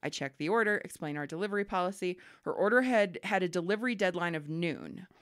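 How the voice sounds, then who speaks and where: A woman's voice: fairly low pitch, fast, no echo. Chatty woman podcast host, dry close sound. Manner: animated storyteller, swears freely, laughs often. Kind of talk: casual chat, reading listener emails.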